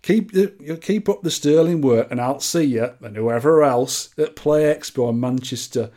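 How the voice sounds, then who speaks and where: A man's voice: medium pitch, normal speed, warm tone, lightly acted. A man voicing an elderly Yorkshire pensioner in his eighties, reading out a fan letter in a drawling, folksy way. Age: 80s.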